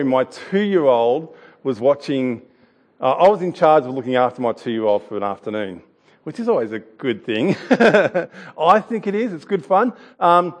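A man in his thirties giving a sermon, telling a family story in a chatty, halting way with restarts and the odd laugh. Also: fairly high pitch, in a large hall. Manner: laughs now and then while telling a story. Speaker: pastor.

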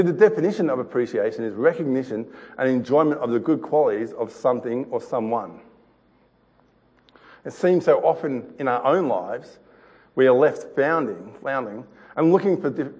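Middle-aged man, pastor, sermon storytelling, repeated words, chuckles, average pitch, long hall reverb. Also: a little mellow, slightly rough.

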